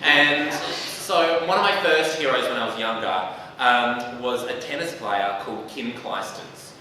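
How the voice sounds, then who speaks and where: Sassy young Australian comedian in an echoey hall. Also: male voice, medium pitch, a little slow, noisy background. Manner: self-mocking, sassy, hesitant with many ums. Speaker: stand-up comedian. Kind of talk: stand-up storytelling. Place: live theatre stage. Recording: echoey hall, mic from far off.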